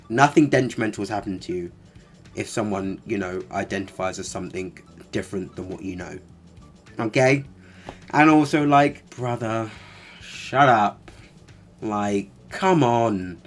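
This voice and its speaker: A man giving casual reaction commentary, exasperated and sarcastic, with lots of fillers. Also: fairly low pitch. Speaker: commentary vlogger.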